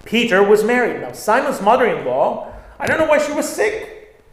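A male pastor preaching an animated sermon, stressing lines and acting out quoted words. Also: high-pitched, moderate pace. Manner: animated, acts out quotes with bursts of emphasis. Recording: very echoey room.

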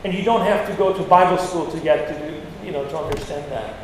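Blunt preacher in a booming hall. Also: male voice, fast talker. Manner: forceful, blunt preaching with sudden loud peaks. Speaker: pastor. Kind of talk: sermon. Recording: echoey hall with long reverb, faint noise.

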